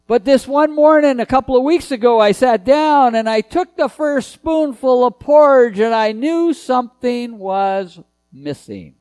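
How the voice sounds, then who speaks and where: Male preacher, high voice, dry close sound, earnest and emphatic. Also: lively intonation, a little slow, a little mellow, smooth, dry recording. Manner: earnest, emphatic preaching with repeated key phrases. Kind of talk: sermon.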